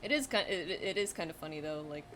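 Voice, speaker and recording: Chatty young woman, low voice, rambling. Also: lively intonation, fast talker, fairly bright tone, soft background music. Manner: rambling, chatty, lots of fillers and self-corrections. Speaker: streamer. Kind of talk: casual storytelling chat.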